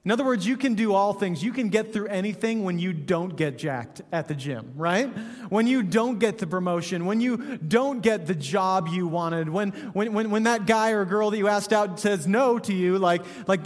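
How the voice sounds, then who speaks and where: A man's voice: sits high, normal speed, in a large hall. A man, a pastor, preaching a sermon in a conversational, joking way, often asking "right?".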